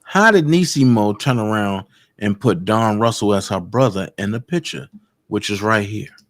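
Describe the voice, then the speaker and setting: A fairly low, expressive voice at a moderate pace belongs to an online commentator doing casual livestream commentary. He's emphatic and confrontational, speaking straight to viewers and driving points home by repeating them.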